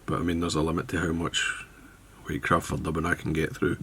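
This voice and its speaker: A man demonstrates fly tying step by step in a casual way, relaxed and thinking aloud while his hands work. His bass voice is husky and fairly quick.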